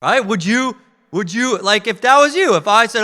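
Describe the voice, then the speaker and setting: A man giving a live sales training talk, energetic and asking the audience questions. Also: high-pitched, moderate pace, in a large hall. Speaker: network marketing trainer. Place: training event room with audience.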